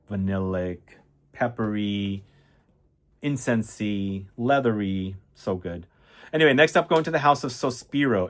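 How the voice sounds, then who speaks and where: Chatty enthusiastic man reviewing fragrances. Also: lowish voice. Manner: enthusiastic, chatty, rambling with fillers. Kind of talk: casual product review.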